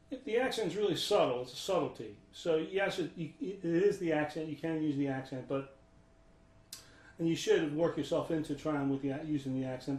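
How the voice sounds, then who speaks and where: A man giving a guitar lesson in a casual instructional way, relaxed and thinking aloud with restarts. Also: a little high. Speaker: guitar teacher. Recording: roomy sound with loud guitar. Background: guitar playing.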